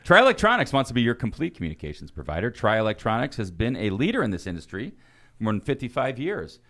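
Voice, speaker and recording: A man co-hosting a podcast, reading sponsor ads in a lively, casual way. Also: mid-range voice, fast. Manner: lively, laughs between reads. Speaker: podcast co-host.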